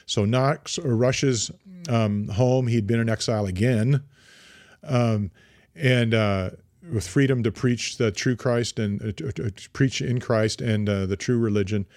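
A man's voice: mid-range voice, a little slow, a little mellow, dry recording. Guy on a podcast rambling thru a history story, lots of ums, dry close sound. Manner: rambling, many fillers and restarts. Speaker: podcast co-host. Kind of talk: casual history chat.

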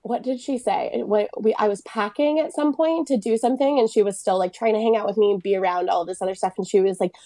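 A woman, a guest on a casual podcast, telling a personal story in an animated way, acting out what was said and laughing often. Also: mid-range voice, fast, few pauses, no room sound. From United States. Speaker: guest, photographer and business owner.

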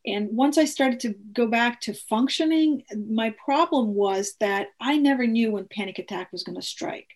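A woman with a somewhat high voice tells her own story earnestly. She is animated and acts out the lines of the people in it. She often stops and restarts her sentences. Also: normal speed, few pauses. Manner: earnest, animated retelling with quoted dialogue; frequent restarts and fillers. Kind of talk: personal storytelling.

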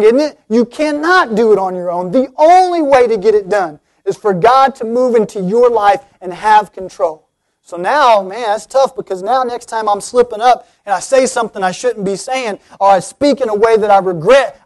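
A man preaching an earnest sermon, speaking directly to his listeners and rising to emphatic appeals. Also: very high voice.

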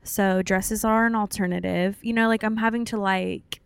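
A woman's voice: mid-range voice, fairly even intonation, moderate pace, gravelly, smooth, no room sound. A woman co-hosting a casual podcast, talking in a candid, chatty, easygoing way. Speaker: podcast co-host. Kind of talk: casual chat.

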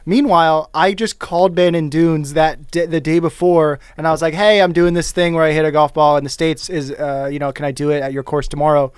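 A man's voice: a little high, fairly even intonation, fairly quick, few pauses, smooth, no room sound, clean studio sound. A young man in casual chat who checks the facts and repeats himself. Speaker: podcast co-host.

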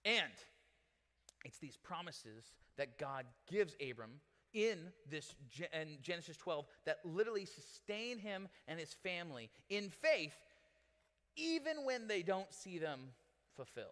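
A man's voice: high-pitched, measured pace. A male pastor preaching a sermon in a casual, joking, conversational way. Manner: conversational, animated, joking with the audience. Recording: long reverb in a large hall.

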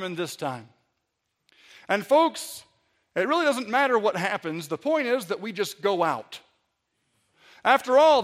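A man preaching a sermon, telling stories and speaking with sarcastic, animated emphasis to his congregation. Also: high-pitched. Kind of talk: sermon with storytelling.

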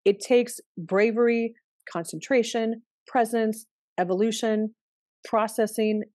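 A woman's voice: a little high, steady tone, slow pace, a little mellow, no room sound, clean studio sound. A woman astrologer, likely middle-aged, talking in a candid, conversational way and swearing casually now and then. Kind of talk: casual spoken astrology talk.

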